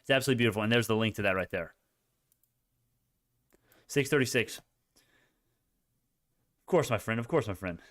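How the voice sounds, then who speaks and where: A man giving live stock-market commentary, excitable and rambling, with frequent swearing and self-corrections. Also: fairly low pitch, a little fast, pauses often, no echo, studio quality.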